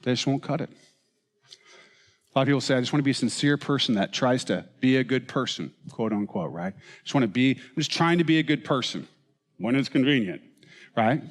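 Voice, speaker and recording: A man's voice: medium pitch, animated, moderate pace. Guy preaching a sermon, bouncy up-and-down voice, lots of rhetorical questions, echoey church hall. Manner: reads quotes aloud with rising emphasis, asks rhetorical questions. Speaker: pastor. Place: church auditorium.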